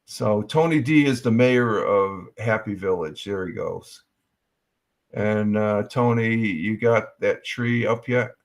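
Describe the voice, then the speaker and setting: Guy hosting a morning livestream, chatty and rambling, lots of ums and uhs. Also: on the low side. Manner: rambling, reads chat aloud, many fillers. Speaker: livestream host. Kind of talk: casual live-stream chat.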